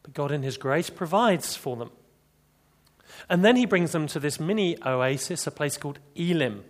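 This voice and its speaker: A man's voice: on the high side, animated, normal speed. A man preaching an expository sermon, chatty, with rhetorical questions and dry humor.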